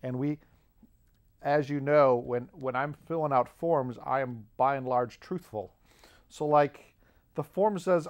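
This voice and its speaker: A man's voice: medium pitch, moderate pace. An American man telling a rambling comic story as a podcast host, chuckling often as he goes. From United States. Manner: rambling, chuckles often through his anecdotes.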